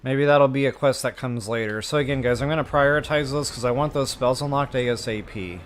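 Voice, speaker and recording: A middle-aged man giving casual gameplay commentary, chatty and quick to laugh, who tells stories to his viewers while he plays. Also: medium pitch, slight background noise. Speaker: gaming streamer.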